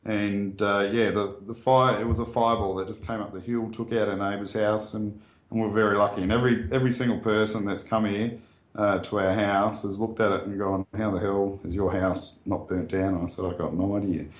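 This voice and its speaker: An Australian man speaks in a plain, earnest, conversational way, often pausing with ums and restarting sentences. His voice sits a little low, and the room around him rings with echo. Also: level tone. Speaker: guest sharing a bushfire story. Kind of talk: casual spoken recollection. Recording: roomy echo.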